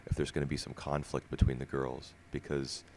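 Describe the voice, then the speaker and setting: Man, extremely low voice, podcast co-host, casual discussion, explains at length. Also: little pitch movement, a little fast, a little mellow, a little hiss or hum. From United States.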